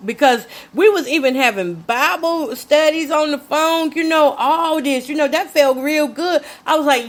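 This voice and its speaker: A woman's voice: sits high, a bit bright. An older woman hosting a casual vlog, telling a story in a chatty, emphatic way while cooking. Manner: chatty, emphatic, addresses listeners as y'all. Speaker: show host. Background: talks while cooking.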